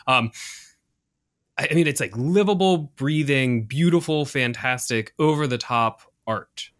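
A man's voice: medium pitch, a little slow, a bit bright, smooth. A man co-hosting a podcast, chatting casually and enthusiastically with many fillers and restarts. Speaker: podcast co-host. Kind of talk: casual chat.

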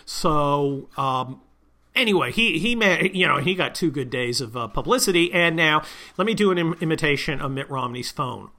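With a slightly high, bright voice and a forceful tone, this male host runs a political talk monologue at a moderate pace, expressive, sarcastic and combative as he heaps insults on his targets.

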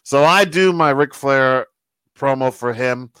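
A man casually telling a backstage story as a guest, animated and quoting the people in it. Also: medium pitch, unhurried, clean tone, no room sound, poor audio. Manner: animated storyteller who quotes other people. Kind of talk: casual anecdote.

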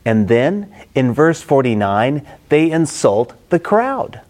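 A man's voice: mid-range voice, very animated, slow pace, darkish tone. A middle-aged man preaching a Bible-study sermon, acting out the quoted characters expressively.

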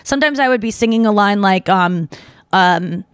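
A woman hosting a podcast in casual chat, talking fast and loose, full of "like", and slipping into singer impressions. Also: mid-range voice, lively intonation, clear, resonant tone, no room sound, studio quality. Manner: chatty, slips into quick singer impressions. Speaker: podcast host.

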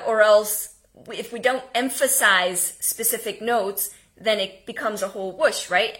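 A woman coaching on voice and tone in a live online workshop, informal and quick to laugh at herself, swinging between loud demonstrations and hushed, paused delivery. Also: on the high side. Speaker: communication coach.

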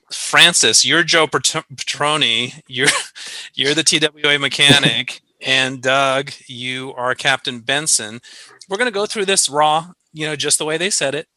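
A man's voice: mid-range voice, bright, forceful tone, no echo, low-quality recording. A man hosting a podcast in casual chat, playful and mock-serious, often laughing. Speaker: podcast host.

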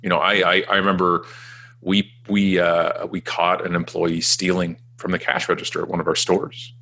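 A man's voice: deep voice, flat delivery, normal speed, creaky, pushed and bright. A Canadian man in his forties, a guest telling his work history in a chatty, self-deprecating way and acting out quoted dialogue. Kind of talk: casual storytelling interview.

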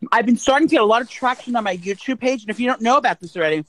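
In a low-quality recording, a man with an extremely high, slightly bright voice talks very fast as a podcast co-host. His casual chat rambles, stuffed with "like" and "um," and he reads out his own promos.

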